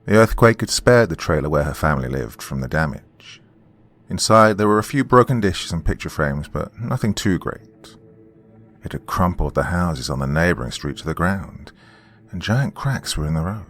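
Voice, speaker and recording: A man narrating a horror story in a measured, scripted storytelling manner. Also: deep voice, expressive, a bit bright. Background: faint music.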